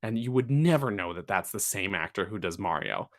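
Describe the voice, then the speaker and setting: A man with a deep, expressive, fairly bright voice talks briskly as co-host of a casual podcast. He rambles in a chatty way, using fillers and restarting sentences, and becomes emphatic when arguing a point.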